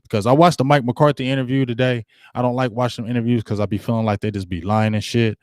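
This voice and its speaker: A man's voice: fast talker, no echo, studio quality. A man hosting his own football talk show, speaking casually in slang and repeating himself as he gets worked up. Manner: animated, slangy, repeats himself, rises in pitch when fired up. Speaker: sports talk show host. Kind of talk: casual solo sports commentary.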